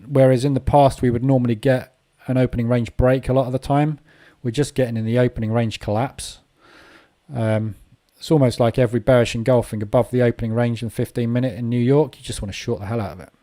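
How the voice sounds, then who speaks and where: A man's voice: medium pitch, steady tone, fast, dark tone. A man hosting a live trading room, giving casual market commentary and thinking aloud as he watches the charts.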